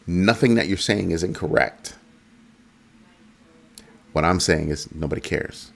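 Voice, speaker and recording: Low-voiced new guy doing a casual crypto talk show, jokey and animated. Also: unhurried, creaky. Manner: animated, repetitive, jokey asides. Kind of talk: casual commentary.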